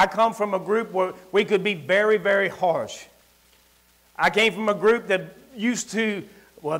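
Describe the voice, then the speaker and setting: High-voiced Southern preacher, emphatic. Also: male voice. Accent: rural Southern US. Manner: emphatic, swings from loud declarations to quiet asides, folksy. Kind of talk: sermon with personal storytelling. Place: church service.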